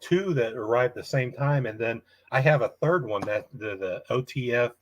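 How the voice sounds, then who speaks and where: Husky man chatting with halting restarts. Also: medium pitch, no echo. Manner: halting, many restarts and fillers. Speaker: livestream host. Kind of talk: casual chat.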